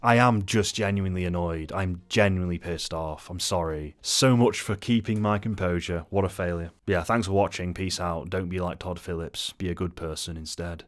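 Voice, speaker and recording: A man's voice: sits low, moderate pace, few pauses. A man rambling through an unscripted film review, exasperated and sweary.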